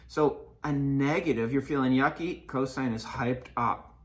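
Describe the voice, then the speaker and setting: A man teaching a math lesson in a playful way, acting out sine and cosine as friends in quick skits. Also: medium pitch.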